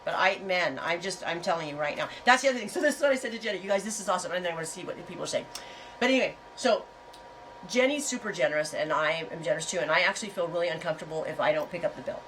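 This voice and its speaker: A woman's voice: lowish voice, animated, very fast, a bit bright, recorded from a distance, a little hiss or hum, low-quality recording. A middle-aged woman hosting a casual livestream chat, talking in a frank, rambling way and telling stories with animation. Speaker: host.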